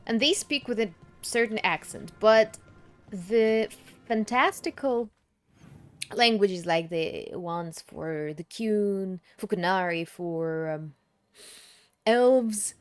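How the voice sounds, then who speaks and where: Animated woman chatting over gameplay. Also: medium pitch, takes it slowly. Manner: chatty, reacts aloud, swears casually. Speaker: let's play gamer. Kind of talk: casual gameplay commentary.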